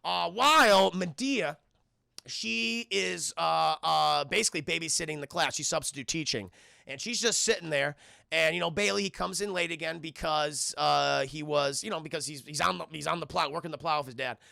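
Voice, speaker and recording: A man's voice: on the high side, normal speed, vocal fry, pushed and bright, dry recording. A man streamer retelling a film to his chat, casual, profane and rambling, on a close microphone.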